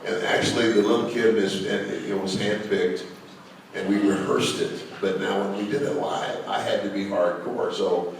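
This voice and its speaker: An older man with a deep, low-pitched voice spins long, chatty anecdotes for an audience, leaning on fillers. The sound is distant and bounces around a big, reverberant hall, with faint background noise. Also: little pitch movement, moderate pace, vocal fry. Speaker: guest speaker. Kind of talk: storytelling to a live audience. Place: large hall with a live audience. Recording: echoey hall, mic from far off.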